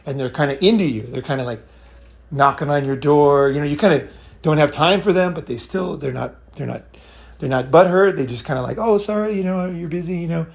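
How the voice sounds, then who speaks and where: A man's voice: fairly high pitch, brisk, gravelly. A man hosting his own channel, talking in a loose, rambling monologue full of swearing and constant "right?" and "okay?" check-ins. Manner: rambling and blunt, swears freely, keeps asking "right?" and "okay?". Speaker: channel host giving dating advice. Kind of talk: casual monologue.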